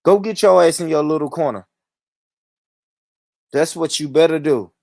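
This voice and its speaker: A man hosting a livestream, talking in a heated rant. He swears freely and circles back over the same points again and again. His voice sits fairly high and sounds close and dry. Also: normal speed, gravelly, darkish tone, no room sound. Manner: profane, repetitive, heated. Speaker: livestream host. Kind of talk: ranting livestream monologue.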